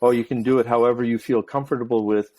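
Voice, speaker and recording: Middle-aged male podcast host, chatty and animated, relaxed conversational delivery. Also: mid-range voice, fast. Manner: talkative, animated storyteller. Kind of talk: casual chat.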